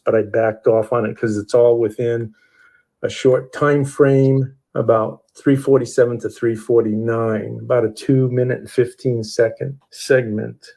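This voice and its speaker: A man's voice: medium pitch, warm tone. A man walking through an audio timeline as a true crime analyst, methodically listing sounds and timestamps.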